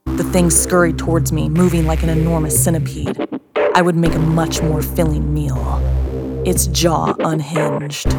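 A woman narrating a scripted horror story in a hushed, slow, suspenseful way. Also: low-pitched, gravelly. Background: music.

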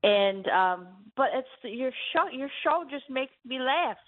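A woman calling in to a radio show, talking haltingly and emphatically with many pauses. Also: high voice, animated. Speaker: radio caller. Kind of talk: call-in praise to host. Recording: phone line.

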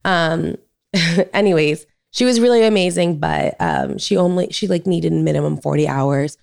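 Gushing young mom with a gravelly edge. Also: female voice, low-pitched, very animated, normal speed, darkish tone, no echo, studio quality. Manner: gushing, talks with many "like" fillers. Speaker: podcast co-host. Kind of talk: casual chat.

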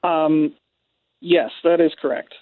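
A man interviewed as a polling guest, speaking in a measured, hesitant way with fillers. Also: fairly high pitch, steady tone, no echo. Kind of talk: radio interview over phone. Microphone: phone. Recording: tinny phone line, dry.

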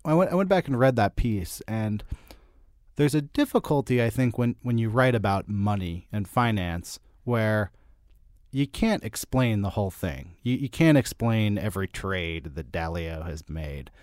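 A man hosting an interview, asking questions in a relaxed, conversational way. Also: fairly low pitch, measured pace, dry recording, studio quality. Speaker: podcast host interviewer.

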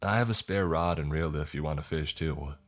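A man voicing a rude, sulky husband who talks snidely and yells. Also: a bass voice, a little fast. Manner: snide, yelling. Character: surly, rude young husband, sulky and loud.

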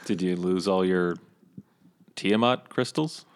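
A man's voice: low voice, clear, resonant tone. A man playing a tabletop game, joking around casually. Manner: jokey, quick to laugh. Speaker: player.

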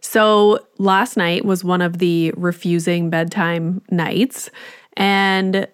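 A woman's voice: on the low side, little pitch movement, takes it slowly, smooth, no echo, clean studio sound. A woman in her thirties hosting a podcast, telling a casual story with frank swearing and lots of "like". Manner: candid, swears freely, lots of "like". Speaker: podcast host.

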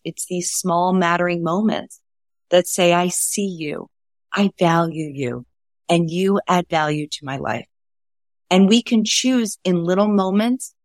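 A woman's voice: lowish voice, dry recording, clean studio sound. A woman, a guest author telling stories earnestly and acting out what people said. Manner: earnest, acts out quoted dialogue. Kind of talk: conversational storytelling.

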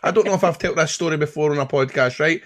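A Scottish man co-hosting a football podcast, telling sweary, animated anecdotes in casual banter. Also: a little high, quick pace. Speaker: podcast co-host.

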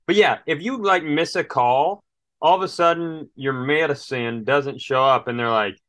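A man's voice: on the high side, moderate pace, a bit bright, no echo. Podcast co-host, man with a slight Southern drawl, storyteller who acts out calls, bone-dry close mic. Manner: storytelling, acting out phone calls with voices; exasperated, swearing rants. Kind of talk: casual chat.

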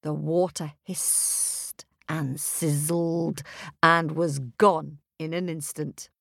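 A woman storyteller telling a folk tale in an expressive, rhythmic way. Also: deep voice, extremely slow, creaky, no room sound, clean studio sound. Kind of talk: storytelling for children.

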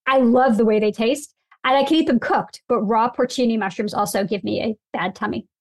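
A woman, a food writer, chatting casually as a podcast guest, emphatic and opinionated with quick asides. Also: on the high side, no echo.

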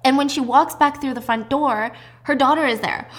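A woman casually recapping a drama plot in a chatty, animated way with side remarks. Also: high voice, normal speed. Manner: chatty, animated retelling with asides.

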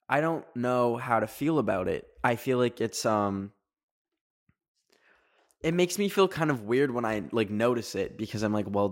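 A young man from Canada with a Canadian accent, hosting a casual solo podcast in a chatty, rambling way full of fillers. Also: fairly low pitch. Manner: chatty, rambling, many fillers, quick laughs. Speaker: podcast host.

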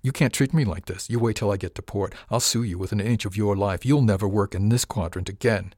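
A man's voice: lowish voice, a little fast, a little mellow, no room sound, studio quality, natural voice. A man voicing a sneering, hot-headed young male passenger in an audiobook, snarling his lines.

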